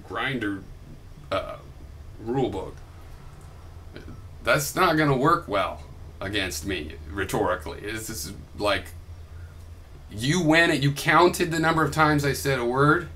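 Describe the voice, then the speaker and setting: A man's voice: mid-range voice, bright, forceful tone, a little hiss or hum. A young man recording an argumentative reply video, combative and profane, with sarcastic mock quotes of his opponent. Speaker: video blogger replying to another vlogger.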